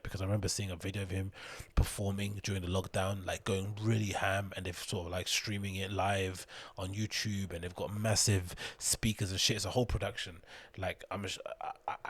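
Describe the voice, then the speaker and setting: A man's voice: low voice, husky, dry recording. A young man hosting his own show, rambling casually about the news, swearing freely and joking as he goes. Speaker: podcast host.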